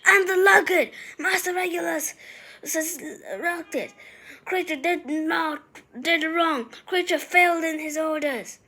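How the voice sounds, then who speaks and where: A woman voicing a bitter old male house elf servant, mostly in a hushed, croaking whisper. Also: a little high, unhurried. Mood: anguished.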